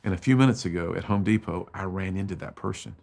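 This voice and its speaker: A middle-aged man giving an emotional storytelling talk to students as a motivational speaker, swinging between loud emphatic bursts and hushed low lines. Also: fast talker, vocal fry.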